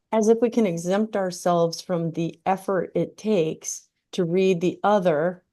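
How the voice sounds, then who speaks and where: A woman's voice: on the low side, normal speed, hardly any pauses, a little mellow. A woman hosting a casual interview, chatty and affirming as she responds to her guest. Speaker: podcast host.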